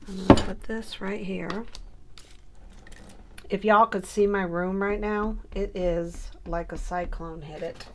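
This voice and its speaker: A woman's voice: medium pitch, measured pace, slight background noise. A woman scrapbooking on camera, chatting casually and muttering to herself as she works. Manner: self-talking, muttering while working. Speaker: scrapbooking vlogger. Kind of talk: casual crafting chat.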